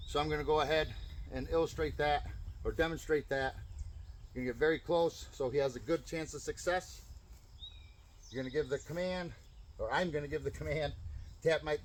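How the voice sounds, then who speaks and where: Man calmly coaching dog owners outdoors. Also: brisk, slight background noise. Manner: calm explaining, bursts of high excited praise to a dog. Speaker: dog trainer. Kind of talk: outdoor training demonstration.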